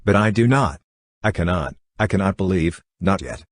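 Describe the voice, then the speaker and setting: A man's voice: low-pitched, animated, moderate pace, no room sound. A man voicing a grieving young woman in an audiobook reading, with an earnest, mournful delivery.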